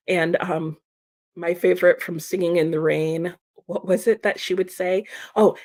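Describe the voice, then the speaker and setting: A woman's voice: medium pitch, expressive, unhurried, darkish tone. A young woman chatting casually on a livestream, reading viewer comments aloud and laughing often. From United States. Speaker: streamer and book vlogger.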